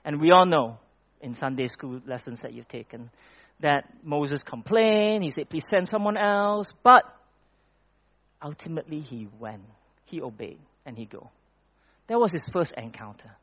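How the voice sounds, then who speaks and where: A man preaching a conversational sermon in a church hall, often pausing and restarting his words. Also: medium pitch, expressive. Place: church hall with projected slides. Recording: dull lo-fi recording.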